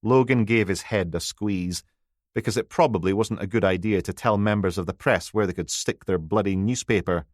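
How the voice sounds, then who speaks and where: A man's voice: fairly low pitch, normal speed, no room sound. A man narrating a crime novel audiobook in a dry, wry reading voice.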